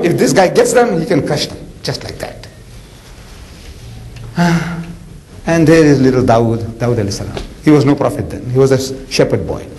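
A man preaching a lecture, animated and jokey, telling stories with acted-out voices. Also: mid-range voice, slight background noise, rough recording. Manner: animated, jokey, acts out characters. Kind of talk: lecture with dramatic storytelling.

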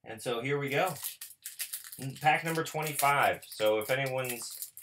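A man hosting a card pack opening, talking casually and mocking himself, who breaks into excited shouting. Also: mid-range voice, unhurried, slight background noise. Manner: chatty and self-mocking, bursts into excited shouting. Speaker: host opening card packs for viewers.

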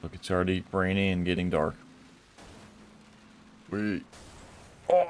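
A man's voice: low voice, fairly even intonation, unhurried, darkish tone, slight background noise. A man giving casual let's-play commentary on his gameplay, chuckling often and blurting surprised exclamations.

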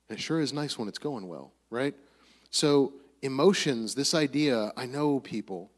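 A man giving a casual teaching talk to a church group, conversational and often ending his points with a tag question. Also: mid-range voice. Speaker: Bible study speaker.

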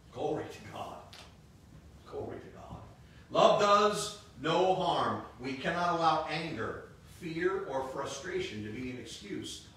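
Slightly high and a bit bright, this man's voice carries a sermon he delivers as a pastor in his fifties. He repeats phrases for emphasis and drops in joking asides. It's captured from afar in an echoey church sanctuary, with a faint hiss underneath.

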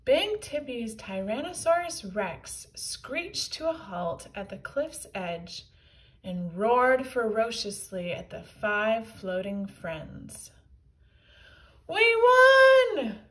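A woman reading a children's book aloud in a clear storytelling manner. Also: mid-range voice, animated, slow, far from the mic, low-quality recording.

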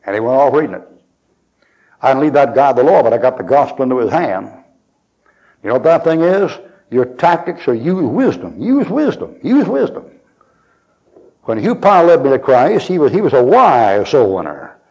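A man's voice: mid-range voice, very animated, brisk, darkish tone, dull audio. Man preaching in folksy storytelling style. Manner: chuckles as he tells stories and acts out the dialogue.

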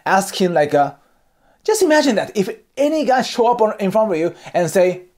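A man's voice: high-pitched, sing-song, normal speed, darkish tone. A Japanese man with a Japanese accent, speaking English, hosting a casual monologue of blunt dating advice with frequent swearing and laughter. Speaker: host giving dating advice.

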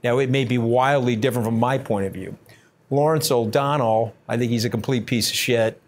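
A man answering interview questions bluntly and combatively, brash and scathing, talking in quick bursts with many fillers. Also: medium pitch, slight background noise. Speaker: interview guest.

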